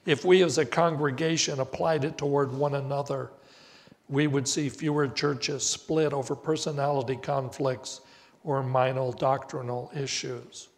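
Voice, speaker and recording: An older man preaching a sermon as pastor, slow and deliberate with emphatic rises on key words. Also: medium pitch, fairly even intonation. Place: church sanctuary. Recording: reverberant church hall.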